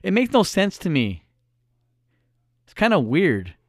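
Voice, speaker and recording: A man's voice: high-pitched, huge pitch swings, unhurried, no room sound, clean studio sound. A male podcast host talking alone in a casual, earnest, reflective way, repeating phrases for emphasis. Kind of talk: casual solo monologue.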